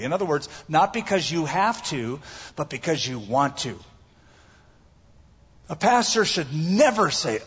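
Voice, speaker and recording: A male pastor preaching a sermon to his congregation, hammering home his points by repeating them. His voice sits a little high and sounds husky. The recording is dull and carries the long echo of a church hall. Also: big pitch swings, moderate pace. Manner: emphatic, repeats key phrases. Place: church sanctuary.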